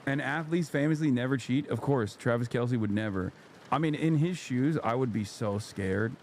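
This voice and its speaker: Brief: male stream host, mid-pitched voice, dry sarcastic delivery. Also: normal speed, slight background noise. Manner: sarcastic, deadpan asides. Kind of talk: casual livestream commentary.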